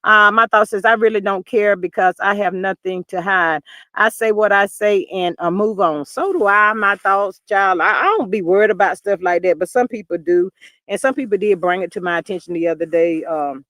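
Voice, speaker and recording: A man in his fifties hosting a livestream, chatting in an expressive way, reading viewer comments and often calling listeners "child". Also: high voice, moderate pace, no echo, clean studio sound. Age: 50s. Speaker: livestream host.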